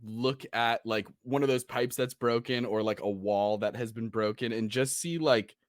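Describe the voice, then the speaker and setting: A man's voice: mid-range voice, fairly even intonation, normal speed, no echo, studio quality. A man playing a superhero in a tabletop game, joking and laughing often, filling sentences with "like". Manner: jokey, laughs often, lots of "like". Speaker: player. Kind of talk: casual tabletop role-play.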